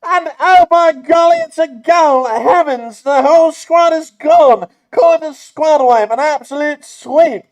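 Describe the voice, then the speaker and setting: A wildly overexcited sports announcer, his voice pushed up high and shouting every word at full blast. The calls stretch out long and breathless with delight. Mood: ecstatic. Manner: shouting, drawn-out exclamations. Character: overexcited male sports announcer calling a goal.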